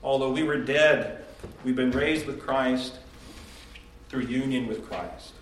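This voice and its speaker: A man's voice: medium pitch, takes it slowly, slight background noise. A man preaching a devotional sermon, earnest and emphatic, asking and answering rhetorical questions. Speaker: pastor. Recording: echoey room from far off.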